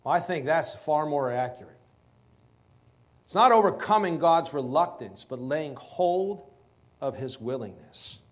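A man preaching a sermon, stressing key words slowly and asking rhetorical questions. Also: a little high, lively intonation.

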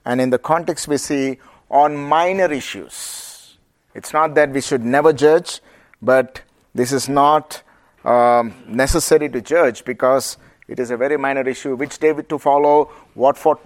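A preacher with an Indian accent teaches the Bible to a group, lively and engaging as he poses questions to them. His voice is on the high side and unhurried.

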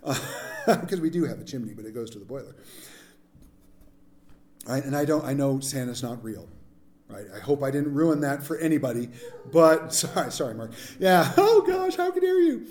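A man's voice: medium pitch, moderate pace, pauses often. A man preaching a sermon as pastor, mixing jokes and asides with scripture. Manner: jokey, animated preaching with asides.

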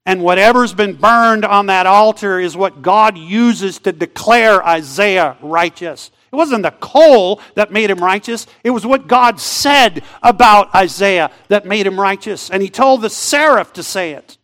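A man with a high-pitched voice preaches a sermon in a church. He swings from loud, emphatic lines to near-whispers. He slows right down and stretches words out to drive a point home. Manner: dramatic swings from loud to hushed, drawn-out phrases. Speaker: pastor.

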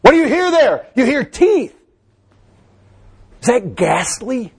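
A man preaching a fervent sermon, swinging between loud exhortation and low, hushed passages. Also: very animated, measured pace, long pauses.

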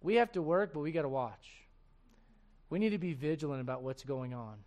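A man's voice: on the high side, a little fast, darkish tone. A middle-aged man preaching a sermon, acting out quoted voices and laughing at his own jokes. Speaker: pastor.

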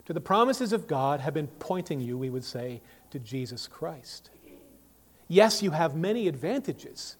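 Pastor, male, higher-pitched voice, preaching emphatically to the congregation, reverberant church sound. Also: sing-song, unhurried, a little mellow. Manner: emphatic, rises and falls sharply in volume, asks rhetorical questions. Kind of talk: sermon. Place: church sanctuary. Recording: long reverb of a church hall.

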